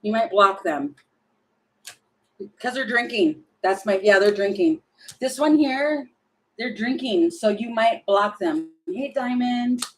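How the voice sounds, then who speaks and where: Slow-talking woman reading tarot cards. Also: fairly high pitch, expressive, slight background noise, low-quality recording. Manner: chatty, thinking aloud, sings snatches, laughs often. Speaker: tarot reader.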